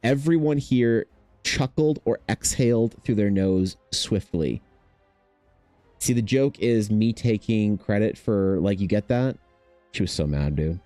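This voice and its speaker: Young guy rambling on his art stream, lowish mellow voice, dry close sound. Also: a little slow, no echo, soft background music. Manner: rambling, animated storytelling with lots of fillers. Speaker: artist hosting a drawing stream. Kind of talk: casual chat while drawing.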